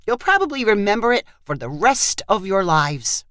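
A woman reading aloud does a doting grandmother in a storybook, eager and lifted high above the narration. The sound is dry and close. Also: sing-song, moderate pace, a bit bright, no room sound.

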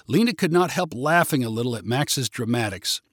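A man narrating a story in a steady, plain reading manner. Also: mid-range voice, normal speed, no room sound, clean studio sound.

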